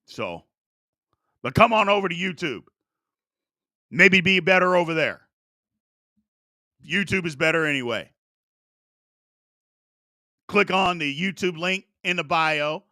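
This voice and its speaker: A man's voice: a little high, takes it slowly, long pauses, no room sound, clean studio sound. A man in his forties hosting a live sports talk show, chatting casually and reading out viewer questions. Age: 40s. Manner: animated, chatty, reads viewer questions aloud.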